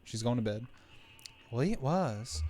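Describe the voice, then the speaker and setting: A man's voice: medium pitch, expressive, a little slow, warm tone. A man streaming a game live, reading its dialogue aloud in a playful way and dropping jokey asides between lines.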